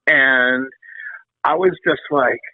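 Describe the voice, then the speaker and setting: A middle-aged man recounts his band years in a loose, animated way, circling back, restarting sentences and swearing freely. His voice sits in an ordinary middle register. It comes through a narrow, phone-like line with no room sound at all. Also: medium pitch, slow, no echo. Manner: animated, rambling storyteller with frequent restarts and swearing. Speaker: interview guest, former metal drummer. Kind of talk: casual storytelling interview. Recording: dry, phone-like call audio.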